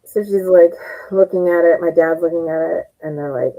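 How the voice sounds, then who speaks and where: A woman's voice: on the low side, steady tone, normal speed, warm tone, rough recording. A middle-aged woman comedian telling rambling funny stories, laughing often and acting out what others said. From Japanese heritage. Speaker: comedian guest. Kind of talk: casual comedic storytelling.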